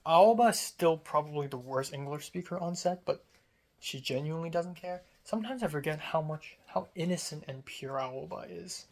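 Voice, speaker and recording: A young adult from Hong Kong, a script supervisor on a student film set, tells stories in a casual vlog. The voice is mid-range at a moderate pace, and the talk is chatty and candid, heavily filled with "like" and "um".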